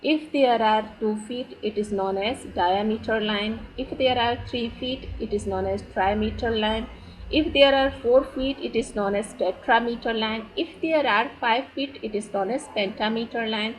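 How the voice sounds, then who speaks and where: Woman lecturer, slow and deliberate, higher voice, faint background noise. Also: rough recording. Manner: slow, deliberate, stresses key terms. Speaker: teacher. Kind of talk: slide lecture on poetry.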